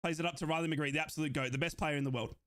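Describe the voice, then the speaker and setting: This is excited live match commentary from a young Australian football streamer hosting a watchalong. He erupts in joyful shouting at goals before launching into fast, breathless play-by-play, his voice on the high side with fairly even intonation.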